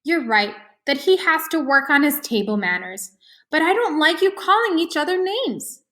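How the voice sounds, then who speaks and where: A woman playing a gentle patient mother in a children's story. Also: high voice, sing-song, normal speed, exaggerated voice. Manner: kind, gently corrective. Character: warm caring mother, gently scolding.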